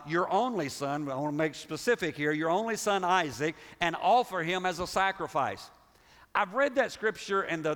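Animated preacher in a reverberant hall. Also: male voice, a little high. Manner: animated preaching with repeated restarts and rhetorical questions. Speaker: pastor. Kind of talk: sermon.

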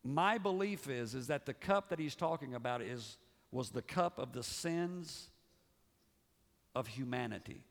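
A male pastor preaching a sermon, swinging between raised, emphatic passages and hushed, low ones. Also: animated, a little slow. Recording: long reverb of a large hall.

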